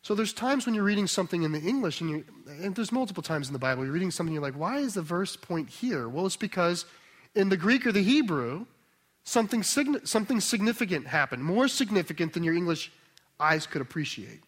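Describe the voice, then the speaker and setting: A man's voice: high-pitched, sing-song, quick pace, a bit bright. A man preaching a conversational teaching sermon, emphatic and often checking in with the listeners. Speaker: pastor.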